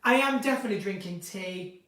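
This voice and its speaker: A woman's voice: medium pitch, fairly quick, fairly bright tone, distant mic. A woman hosting an unscripted live stream chat, playful and chatty, reading viewers' comments aloud. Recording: roomy sound from a mic set back.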